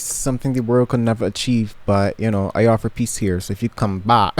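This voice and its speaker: A man's voice: fairly low pitch, steady tone, fairly quick, few pauses. A young man from Barbados with a Barbadian accent, chatting to camera from his bedroom in a rambling way, full of ums and restarts. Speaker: vlogger. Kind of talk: casual chat to camera.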